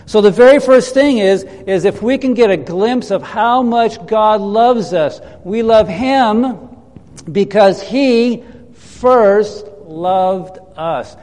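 High-voiced preacher in a reverberant hall. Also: male voice, darkish tone. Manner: emphatic, slows down on key phrases, leads the congregation in call and response. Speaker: pastor. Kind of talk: sermon. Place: church hall.

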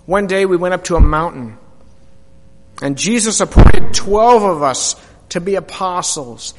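A man preacher performing a first-person dramatic monologue, animated storytelling that swings from hushed to loud. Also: high-pitched, normal speed. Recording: long hall reverb.

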